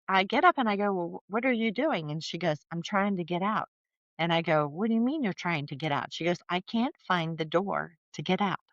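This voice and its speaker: A middle-aged woman, a podcast guest, telling family stories in a chatty, animated way with lots of fillers. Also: medium pitch, no echo, muffled recording. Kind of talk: casual storytelling conversation.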